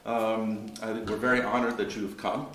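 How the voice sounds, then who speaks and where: Lower-voiced man speaking in an echoey room. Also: little pitch movement, brisk, fairly bright tone, slight background noise. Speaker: club host introducing guest. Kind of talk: speech. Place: chess club reception room. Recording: echoey room, faint ambience.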